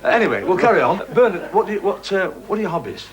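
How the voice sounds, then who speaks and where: A man's voice: high-pitched, sing-song, fast talker, a crowd in the background. Teasing man hosting a quiz show. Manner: joking, teasing, laughs often. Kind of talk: game show banter. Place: TV studio with audience. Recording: 1980s TV broadcast, audience noise. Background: studio audience.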